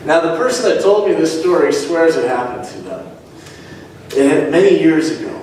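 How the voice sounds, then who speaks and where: Pastor preaching in an echoey church. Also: male voice, far from the mic, noisy background. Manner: storytelling with shifting pitch for quoted characters. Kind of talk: sermon. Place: church sanctuary.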